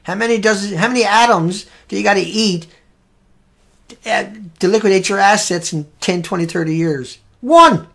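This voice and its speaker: Gravelly man ranting over headlines. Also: high voice, normal speed. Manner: emphatic, heated, jumps into loud bursts. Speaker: live show host.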